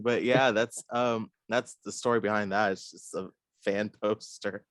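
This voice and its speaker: A man's voice: on the low side, flat delivery, normal speed, hardly any pauses, no room sound. A young man, an artist being interviewed, talking casually with many fillers and frequent laughs. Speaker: artist guest.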